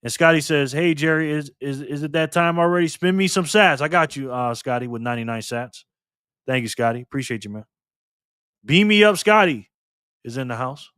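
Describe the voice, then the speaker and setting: A man hosting a casual livestream, calling out viewers and donations with upbeat shout-outs. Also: fairly high pitch, expressive, a little fast, smooth, no echo, studio quality. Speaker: livestream host.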